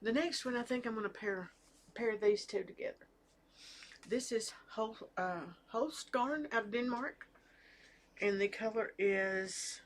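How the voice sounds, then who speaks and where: A woman's voice: a little high, unhurried. Chatty middle-aged woman knitting at home. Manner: chatty, hesitant, with fillers and restarts. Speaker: knitting vlogger. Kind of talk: casual chat to camera. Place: home with family talking in the background.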